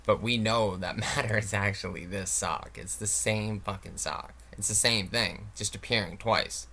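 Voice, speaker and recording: A man's voice: on the low side, moderate pace, pushed and bright. A man reading out technical claims, then mocking them in a casual, sarcastic, swearing explanation. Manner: sarcastic, swears, reads text aloud then mocks it.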